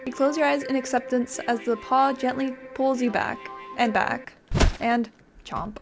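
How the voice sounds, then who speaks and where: With music in the background, a young woman plays a video game and performs its narration dramatically, filling the gaps with hesitant chatter. Her high voice is steady and measured, with some vocal fry.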